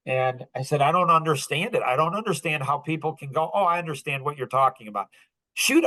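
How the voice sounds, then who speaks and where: A man hosting a business podcast, telling a story in casual talk, animated and laughing often as he acts out dialogue. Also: on the high side, low-quality recording. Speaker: podcast host.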